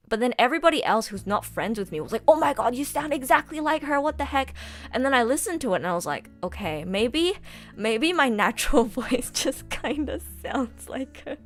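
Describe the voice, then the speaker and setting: A young adult woman voice actress chatting casually on a live stream, bubbly and giggly, gushing with enthusiasm. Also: on the high side.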